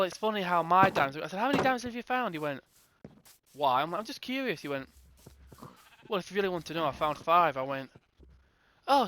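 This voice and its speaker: A young man with a bright, somewhat high voice tells a rambling storytime about a gaming server. He slips in and out of quoted dialogue, playing himself and the other players as he goes. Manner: rambling, acts out both sides of conversations in quotes. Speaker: gaming channel host. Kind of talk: casual storytime narration.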